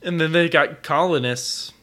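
A podcast co-host in loose, casual conversation. His voice is a touch high and bright with an edge of force. He trips over his words and loops back through restarts and fillers. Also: unhurried. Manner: stammering, many restarts and fillers. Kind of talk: casual chat.

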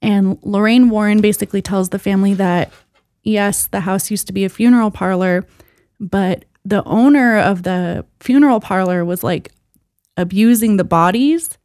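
A woman's voice: mid-range voice, moderate pace, a little mellow, no room sound, clean studio sound. A woman co-hosting a podcast, telling a story in a casual, rambling way full of fillers. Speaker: podcast co-host.

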